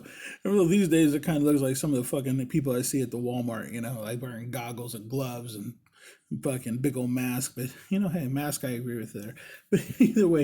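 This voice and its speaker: A man telling a casual, profane story as a podcast host, laughing as he goes and shouting the lines of the people in it. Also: mid-range voice, breathy edge. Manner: heavy swearing, laughs while telling; shouts in mock-angry voices for quoted people.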